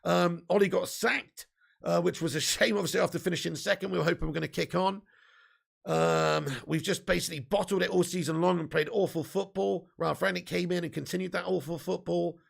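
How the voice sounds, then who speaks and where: A man hosting a live football fan stream, chatting to viewers and reading their messages with excitable, sweary banter. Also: high voice, a little fast. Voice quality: gravelly. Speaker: football fan channel host. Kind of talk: live-stream chat reading super chats.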